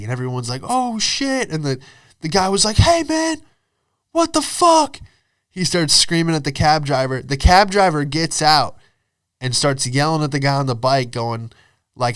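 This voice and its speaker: A man's voice: medium pitch, a bit bright, clear, resonant tone, no room sound, studio quality. A young man hosting a podcast, telling rambling comic stories in casual chat, full of "dude" and "you know". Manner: rambling, laid-back, says dude and you know a lot. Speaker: podcast host and comedian.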